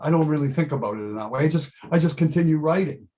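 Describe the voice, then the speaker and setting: Emphatic middle-aged male musician, fairly high. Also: fast, mellow. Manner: emphatic, repeats himself, swears freely. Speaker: musician guest. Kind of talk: casual interview chat.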